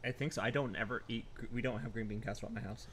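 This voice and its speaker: A man in a casual live-stream chat, halting and heavy on fillers. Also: medium pitch, breathy edge. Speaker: podcast co-host.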